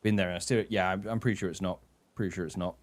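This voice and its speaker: A man giving rambling live-stream commentary while he plays, swearing and reacting out loud. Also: deep voice, fairly even intonation, racing. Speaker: gaming streamer.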